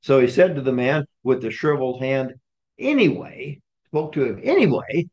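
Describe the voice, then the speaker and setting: Animated and a little mellow, this mid-range male voice moves at a moderate pace. The speaker leads a small Bible study group through scripture, teaching casually, asking questions and acting out quotations. The recording is dull and lo-fi.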